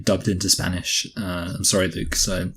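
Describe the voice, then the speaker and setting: A man co-hosting a film review podcast, joking in dry, quick banter. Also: sits low, level tone, a bit bright, a little hiss or hum. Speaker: podcast co-host reviewing films. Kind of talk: casual chat.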